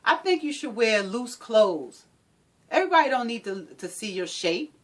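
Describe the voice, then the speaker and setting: A woman acting out a controlling, abusive male partner who swings between sweet talk and menace, pleading and shouting in a repetitive way. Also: a little high, big pitch swings, normal speed, voice pushed up. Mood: coaxing.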